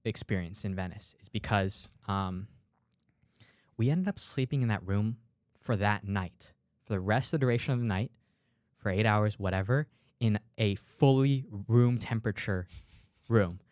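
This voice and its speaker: A young man with a low voice tells a story on a casual podcast. He acts out every voice in it and throws in plenty of "dude" and "like". The sound is close and dry, with no room around it. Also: moderate pace, no room sound. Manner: animated storyteller, acts out dialogue, fillers like "dude". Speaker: podcast co-host. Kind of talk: casual chat.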